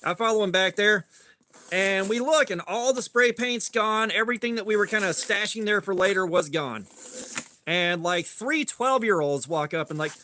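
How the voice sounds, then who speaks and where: Bright-voiced laid-back male streamer. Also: high voice, moderate pace, slight background noise. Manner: rambling, laid-back, greets chat mid-story. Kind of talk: casual storytelling while sharpening.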